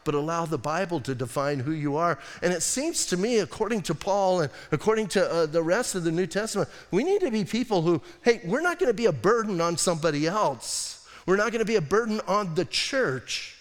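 Male pastor, high and very animated delivery, jokey sermon, long hall reverb. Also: fairly quick, hardly any pauses. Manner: animated, jokey preaching with acted asides.

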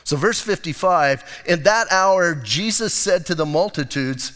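Animated pastor in an echoing hall. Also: male voice, sits high, a little slow. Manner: animated, jokey, slips into voiced characters. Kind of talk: casual sermon with acted-out Bible scenes. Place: church sanctuary. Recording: long hall reverb.

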